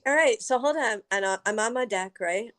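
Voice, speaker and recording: A woman's voice: a little high, a little fast, noisy background. Woman, podcast guest: loose, profane anecdote-teller. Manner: profane, animated storyteller. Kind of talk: casual storytelling.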